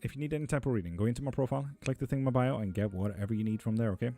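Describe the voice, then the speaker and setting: A man's voice: medium pitch, rapid-fire, gravelly, dark tone, soft background music. A man reading tarot on a live stream, casually reading out chat messages and answering them offhand.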